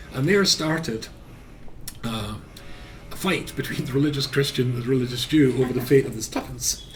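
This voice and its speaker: Man, rabbi, lesson, storytelling, lively pitch, faint background noise. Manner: animated storyteller with frequent fillers. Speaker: rabbi teaching a class.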